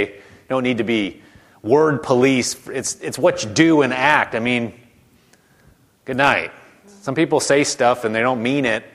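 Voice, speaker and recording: A man preaching a sermon in a conversational way, slowing down to stretch key words and dropping into hushed voices to mimic doubters. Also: mid-range voice.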